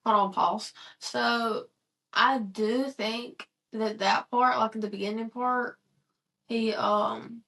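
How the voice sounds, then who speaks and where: A woman's voice: a little high, steady tone, slow, vocal fry, pushed and bright. A woman co-hosting a podcast, offering thoughtful, reflective remarks in casual commentary. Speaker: podcast co-host.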